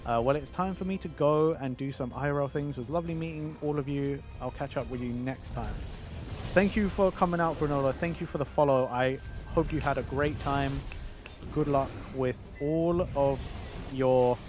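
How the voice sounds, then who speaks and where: A man's voice: mid-range voice, normal speed, over music. A male streamer chatting casually on a livestream, reading viewer messages aloud and answering them.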